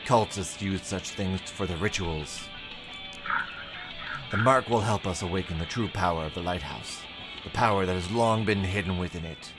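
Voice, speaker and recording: A man voicing a calm, commanding ancient spirit who speaks in a solemn, measured way. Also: sits low, music in the background, lightly acted. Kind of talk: game character voicing.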